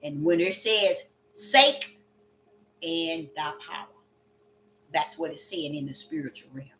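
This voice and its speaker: Slow, bright-voiced woman preaching. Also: deep voice. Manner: emphatic, repeats phrases, drawn-out scripture reading. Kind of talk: sermon. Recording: echoey room with faint music.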